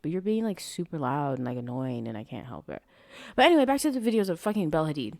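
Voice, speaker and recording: A young woman talks solo on her podcast in a rambling, swear-filled way, constantly losing her thread. Her voice sits a little low but swings widely and expressively. The sound is dry and close, with no room around it. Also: big pitch swings, quick pace, vocal fry, dry recording. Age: young adult. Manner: rambling, profane, easily sidetracked. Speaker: podcast host. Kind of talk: casual solo podcast chat. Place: at home, street traffic nearby.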